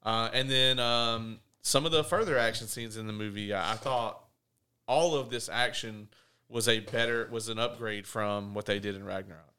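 A man's voice: lowish voice, fairly even intonation, moderate pace, sharp tone. A man hosting a casual movie review podcast, talking in an easygoing way with many fillers. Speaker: podcast host.

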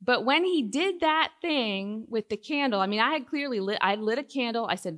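A middle-aged woman delivering a sermon-style talk in a large hall, her voice carrying a long reverb tail. She tells stories with lively swings, rising into loud, emphatic peaks and then dropping to hushed, quiet lines. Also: a little high, moderate pace. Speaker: Christian speaker. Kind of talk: sermon talk to a live audience.

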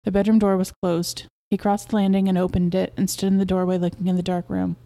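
A woman podcast host narrating a short story in a steady, measured way. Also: medium pitch, gravelly.

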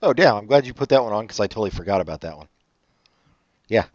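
A man co-hosting a casual podcast chat, sarcastic and teasing, often trailing off quietly. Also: on the low side, lively intonation, quick pace, dry recording. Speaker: podcast co-host. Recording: dull lo-fi audio.

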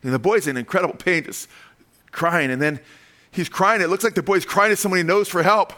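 A man's voice: high-pitched, brisk, sharp tone. A man preaching a sermon, emphatic and full of rhetorical questions, telling stories with dramatic flair.

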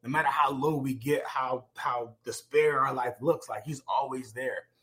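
A man's voice: mid-range voice, steady tone, moderate pace, fairly bright tone. A man in his forties, a former football player, telling his life story earnestly on a podcast, with many fillers and restarts. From United States. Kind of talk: reflective personal storytelling.

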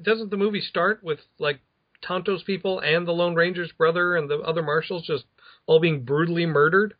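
A man's voice: fairly high pitch, fairly even intonation, normal speed. A man in casual chat about movies, asking short quizzical questions. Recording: dull lo-fi sound.

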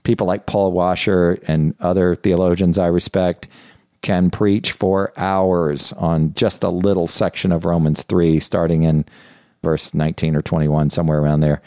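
A man's voice: low voice, mellow, dry recording, clean studio sound. A middle-aged male pastor preaching a sermon in an earnest, confessional way, often repeating and restarting phrases.

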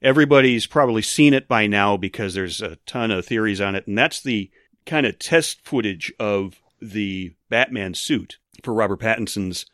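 A man in his forties hosting a podcast, relaxed as he leads the chat and introduces segments. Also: fairly low pitch, moderate pace, dry recording, clean studio sound. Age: 40s. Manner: relaxed, leads the show and runs the breaks. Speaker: podcast host. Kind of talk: casual chat.

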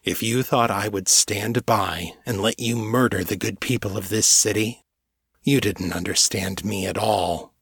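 Give me a man playing a sardonic wolverine cop captain, low, slow and dry. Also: fairly even intonation, gravelly, fairly bright tone, husky, no echo, exaggerated voice. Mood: stern. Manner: sardonic, sighing.

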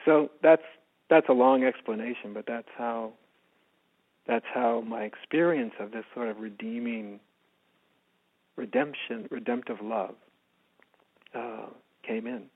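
A man from the United States, a spiritual teacher, telling a personal story in an interview, soft-spoken and halting with many restarts. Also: mid-range voice. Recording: phone-like narrow band.

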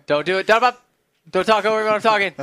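A man's voice: high-pitched, fast, clean tone, dry recording. A man co-hosting a studio show, joking around and playing mock outrage at the others. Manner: jokey, animated, mock-outraged. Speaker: co-host. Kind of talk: casual studio banter.

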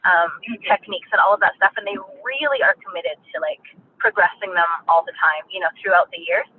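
A woman's voice: lowish voice, a little fast. Woman rambling thru a story w lots of likes, sounds like a phone line, bit of hiss. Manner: chatty, lots of filler words. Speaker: business owner being interviewed. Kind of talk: casual storytelling.

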